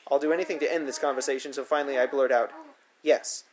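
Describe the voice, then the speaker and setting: Male narrator reading his memoir, mid-pitched voice, deadpan wry tone, quiet hiss behind him. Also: rapid-fire. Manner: dry, wry, matter-of-fact storytelling. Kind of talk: first-person memoir narration.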